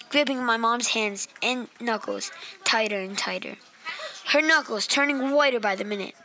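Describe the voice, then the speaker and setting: A woman reading aloud an earnest, expressive personal story. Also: a little high, a little hiss or hum, poor audio.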